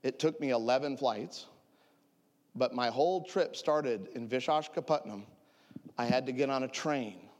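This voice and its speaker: A man telling a humorous story as a preacher, animated and joking with his audience. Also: medium pitch, measured pace, long reverb tail. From United States. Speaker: traveling preacher.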